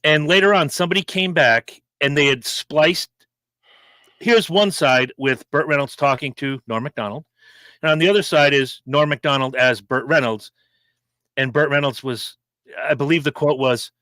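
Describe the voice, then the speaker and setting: Guy with a bright edgy voice cracking jokes on a podcast, dry mic. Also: a little high, moderate pace, no echo. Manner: blunt, jokey storyteller. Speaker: podcast co-host. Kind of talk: casual chat.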